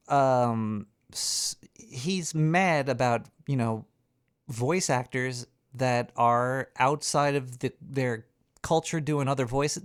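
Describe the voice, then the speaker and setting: Male host with a mid-range voice who rants, swears and stumbles through restarts. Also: medium pitch. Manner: rambling, profane, stammering rants. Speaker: radio show host. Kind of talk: ranting casual talk.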